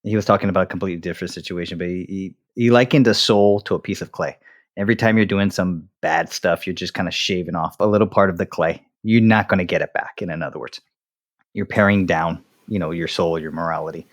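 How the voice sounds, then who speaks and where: A man co-hosting a casual podcast conversation, blunt and wry and quick to laugh. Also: low-pitched. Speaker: podcast co-host.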